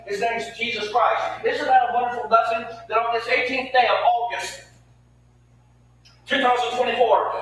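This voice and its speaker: A man's voice: high voice, a bit bright, very echoey. Guy preaching, asks the folks questions, repeats himself a lot, far off mic, faint hum behind. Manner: emphatic, repeats words, asks the congregation questions. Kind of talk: lively sermon. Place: small church building.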